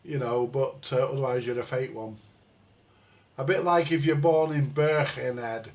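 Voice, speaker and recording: A middle-aged Englishman hosts a live stream, ranting and rambling bluntly with plenty of swearing. His mid-range voice has a darkish tone and moderate pace, picked up through a live stream microphone.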